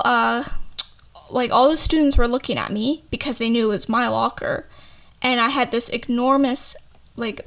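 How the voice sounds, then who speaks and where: A woman's voice: a little high, fairly bright tone. A young woman casually telling a storytime tale, full of fillers and "like," and swearing freely. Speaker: vlogger.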